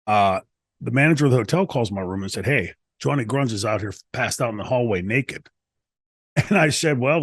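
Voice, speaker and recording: A man's voice: mid-range voice, dry recording. A man from the United States, a guest in an interview, telling long rambling stories with many restarts. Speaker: interview guest, former wrestler. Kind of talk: casual shoot interview storytelling.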